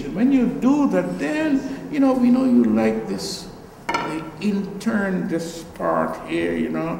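An older man with a Guyanese accent reminisces about his art in a slow, unhurried way. His voice is gravelly and sits a little high. The sound carries the long reverb of a gallery room. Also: lively intonation, darkish tone, slight background noise. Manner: reflective, storytelling, trailing asides. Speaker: artist. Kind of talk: gallery talk.

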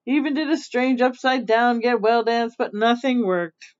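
A woman's voice: on the high side, steady tone, moderate pace, darkish tone. A woman reading a picture book aloud in a casual way, often stopping to explain things. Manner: chatty, stops to explain and laugh. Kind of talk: casual read-aloud storytelling. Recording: dull lo-fi recording.

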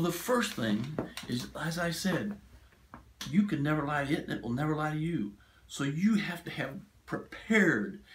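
A middle-aged man speaks as a keynote speaker, telling stories in a plainspoken, conversational way. His voice sits in an ordinary middle pitch. The recording has a noticeably echoey room sound. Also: a bit bright. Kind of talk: motivational talk.

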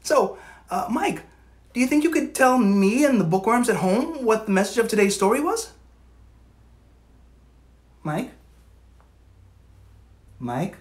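A woman co-hosting a storybook show, chatting in an animated, playful way. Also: on the high side, normal speed. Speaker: co-host. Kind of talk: casual chat.

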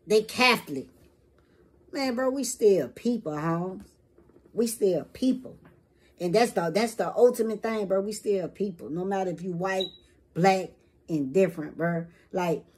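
A woman's voice: mid-range voice, breathy edge. A woman vlogger giving a rambling, profane opinion rant to camera in casual street slang.

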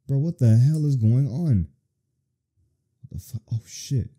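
Very dark-voiced man, crude gaming commentary. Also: mid-range voice, lively intonation, measured pace. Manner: crude, profane, reactive joking. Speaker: gaming video host. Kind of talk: let's play commentary.

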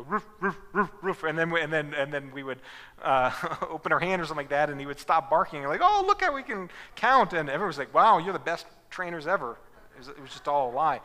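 A man's voice: on the high side, pushed and bright, big-room sound. A male pastor preaching an earnest sermon, often restarting his words, in a church. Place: church sanctuary.

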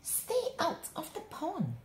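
A woman's voice: sits low, huge pitch swings, measured pace, noisy background, exaggerated voice. A woman voicing a quarrelsome male frog who is defiant and possessive, in a read-aloud storybook.

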